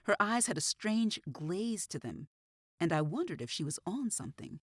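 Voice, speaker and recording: A woman reads a mystery audiobook in a husky, slightly low voice with lively pitch movement. Her delivery is measured, and the recording is dry and close to the mic. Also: dry recording. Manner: measured storytelling. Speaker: audiobook narrator. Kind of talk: scripted first-person audiobook narration.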